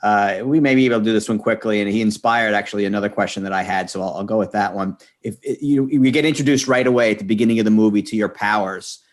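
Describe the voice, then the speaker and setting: A man's voice: fairly low pitch, fast, hardly any pauses. A man moderating a video-call panel, reading out fan questions casually with frequent fillers.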